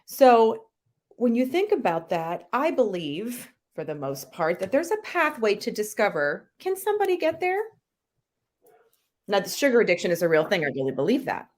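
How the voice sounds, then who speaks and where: An animated woman guest on a podcast, talking through her own story. Her voice sits at a middle pitch and leaps up suddenly for emphasis, then drops low and soft. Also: normal speed. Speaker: guest, health coach and author.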